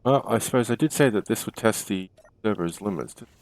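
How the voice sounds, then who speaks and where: A man's voice: fairly low pitch, lively intonation, brisk, dry recording. A man hosting a game stream, chatting casually and correcting himself as he goes. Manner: chatty, self-correcting, laughs easily. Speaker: stream host.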